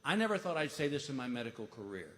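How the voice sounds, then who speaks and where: A comedian voicing a calm, cautious male doctor who talks in a measured, hushed way, on a live stage. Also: medium pitch, voice pushed down, natural voice. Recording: live hall reverb with noise.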